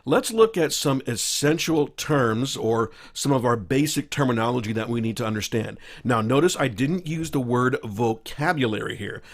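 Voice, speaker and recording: A man presenting a recorded training lesson to fellow teachers, measured and explanatory, with occasional fillers. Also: mid-range voice. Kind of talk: recorded slideshow lecture.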